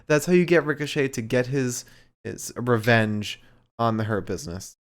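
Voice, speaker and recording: A podcast co-host talking through a wrestling show in casual chat, opinionated and pausing to restart sentences. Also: medium pitch, expressive.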